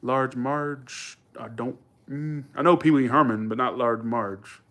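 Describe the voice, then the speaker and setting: A man's voice: medium pitch, a little slow, fairly bright tone. A young man from Georgia, chatting casually with viewers and rambling through a story, full of restarts and asides. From Georgia, USA. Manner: rambling, self-correcting, colloquial, quotes others in raised voice. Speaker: live streamer chatting with viewers.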